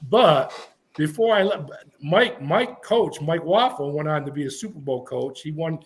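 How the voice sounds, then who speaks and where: A middle-aged man spins a long personal story on a podcast. His voice sits a little high for a man, and he switches into different voices for the people he quotes. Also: lively intonation, normal speed, a little hiss or hum. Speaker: podcast guest. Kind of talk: casual storytelling.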